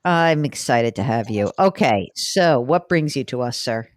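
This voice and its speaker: A woman's voice: very deep voice, a little slow, no echo. A middle-aged woman hosting a money podcast, chatting casually and with animation. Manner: chatty, animated, laughs easily. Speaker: podcast host. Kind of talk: casual chat.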